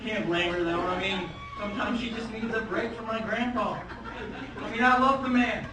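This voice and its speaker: A man's voice: sits high, fairly even intonation, normal speed. A male stand-up comic at an open mic, telling wry stories with playful asides to the crowd. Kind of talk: stand-up comedy set. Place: comedy club at open mic night. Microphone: handheld stage mic. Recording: echoey club, far from the camera, noisy. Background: crowd laughter.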